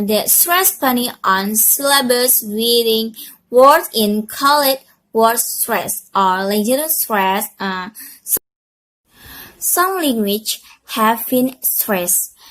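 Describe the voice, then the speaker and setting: A young woman gives a class presentation in a fairly high voice. She reads slowly and haltingly, pausing on fillers and correcting herself as she goes. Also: a bit bright. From Indonesia. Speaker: student presenter.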